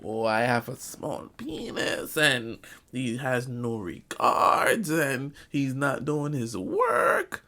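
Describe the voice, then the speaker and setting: A man putting on a to voice an exasperated male teacher who complains slowly and at length. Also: mid-range voice, sing-song, sharp tone, heavily acted. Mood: aggrieved. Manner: slow, drawn-out, aggrieved.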